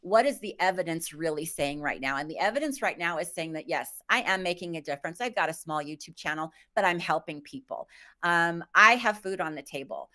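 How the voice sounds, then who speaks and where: A woman's voice: fairly low pitch, expressive, brisk, bright, forceful tone. Candid reflective woman in her fifties. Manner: candid, reflective, self-deprecating. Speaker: guest. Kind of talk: live stream interview.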